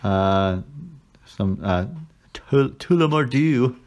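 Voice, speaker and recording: A man's voice: medium pitch, expressive, extremely slow, a little mellow. Guy on a podcast telling a crude travel story, doing little voices, joking around. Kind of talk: casual chat.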